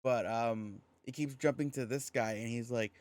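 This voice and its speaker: A man co-hosting a podcast in casual chat, relaxed and rambling, swearing casually. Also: medium pitch, moderate pace. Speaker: podcast co-host.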